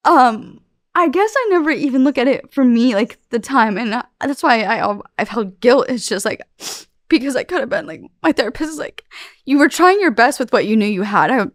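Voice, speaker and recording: A woman's voice: a little high, lively intonation, moderate pace, no room sound, clean studio sound. A young woman talking candidly as a podcast guest, rambling and emotional, with plenty of fillers. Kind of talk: candid interview talk.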